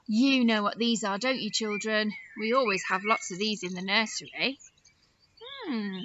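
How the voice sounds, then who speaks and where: A woman teaching a phonics lesson to young nursery children, animated and sing-song, with gasps of surprise and slow, drawn-out words. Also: medium pitch, muffled recording, a little hiss or hum.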